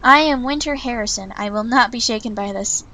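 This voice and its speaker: A woman's voice: a little high, fairly quick, bright, forceful tone, slight background noise, low-quality recording. A woman voicing a prim, stubborn young female trainee, narrating her thoughts earnestly in first person from a visual novel. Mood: indignant. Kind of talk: reading a visual novel aloud.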